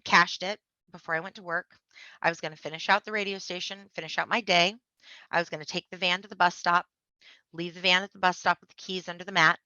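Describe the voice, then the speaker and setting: A woman's voice: on the low side, pushed and bright, no room sound. A woman guest on a podcast, telling a personal story vividly and acting out the people in it. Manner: vivid, acts out voices in her story. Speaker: interview guest. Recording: dull, muffled podcast audio.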